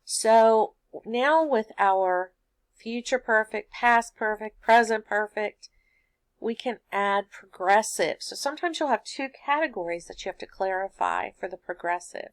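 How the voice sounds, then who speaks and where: A woman giving a grammar lesson at an unhurried, measured pace, patient and methodical, building each point from simple everyday examples. Her voice sits at a middle pitch and is recorded close and dry, with almost no room sound. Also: no echo. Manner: patient, explains step by step with homely examples. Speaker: teacher.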